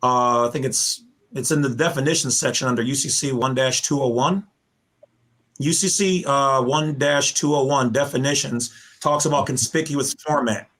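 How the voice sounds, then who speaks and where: A man on a casual podcast, explaining at length in an animated, lecturing way that rambles with restarts. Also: medium pitch, moderate pace. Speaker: podcast guest explaining legal theories.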